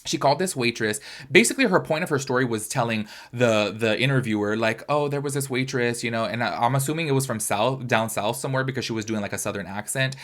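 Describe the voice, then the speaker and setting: A young man talks quickly in a loose, gossipy podcast style. He sounds chatty and opinionated, keeps turning to his listeners as "y'all", and his voice sits at an ordinary middle pitch. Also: a bit bright. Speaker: podcast host. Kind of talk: casual pop-culture commentary.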